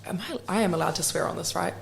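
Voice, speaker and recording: A woman's voice: fairly low pitch, very fast, vocal fry, a crowd in the background. A young woman with a New Zealand accent, chatting as a podcast guest, laughing often and acting out what people said, with many "like" fillers. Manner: animated, laughs often, acts out quoted exchanges, many "like" fillers. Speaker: podcast guest, rock band singer. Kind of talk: casual podcast chat. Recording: roomy echo with faint ambience.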